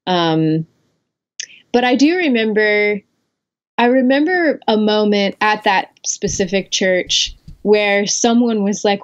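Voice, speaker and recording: A woman's voice: mid-range voice, lively intonation, slow pace. A woman guest on a podcast, telling her own story in a candid, reflective way with fillers and restarts. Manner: reflective, with frequent fillers and self-corrections. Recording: dull lo-fi audio.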